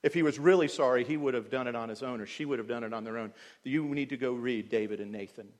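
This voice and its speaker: A male pastor preaching a sermon in earnest, dropping to quiet tones and then rising loud, often putting questions to the congregation. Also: mid-range voice, quick pace. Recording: long hall reverb.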